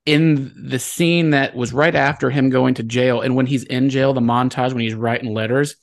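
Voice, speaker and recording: A man's voice: medium pitch, fairly even intonation, normal speed, gravelly. A man hosting a film podcast in casual chat, leading the talk and putting questions to his co-hosts. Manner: leads the talk, asks questions, loose and chatty. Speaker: podcast host.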